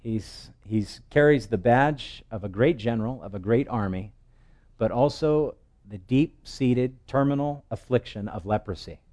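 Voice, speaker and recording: Mellow-voiced male pastor preaching. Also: medium pitch, unhurried. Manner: animated storyteller, acting out the scripture voices. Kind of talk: expository sermon.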